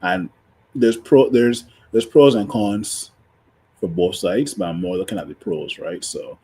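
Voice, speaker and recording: Deep, husky-voiced man on a panel. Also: mellow. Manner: hesitant, fills pauses with um. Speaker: fan panelist. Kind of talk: casual panel chat. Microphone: video call.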